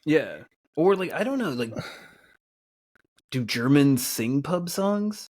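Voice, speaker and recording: A man co-hosting a podcast in relaxed casual chat, laughing often. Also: a little high, slow pace. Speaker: podcast co-host.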